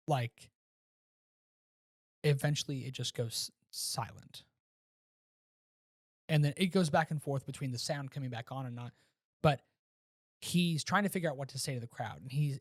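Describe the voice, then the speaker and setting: A man's voice: medium pitch, normal speed, long pauses, no echo. Dry-voiced man retelling a film scene. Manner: animated retelling with restarts. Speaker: podcast co-host. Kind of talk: casual movie review chat.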